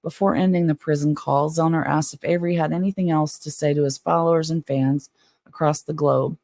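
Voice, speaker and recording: A woman's voice: deep voice, steady tone, creaky, darkish tone, dry recording, clean studio sound. A woman hosting a casual live stream from home, reading a book aloud and chatting frankly with viewers. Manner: chatty, frank, quick to get worked up. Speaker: livestream host.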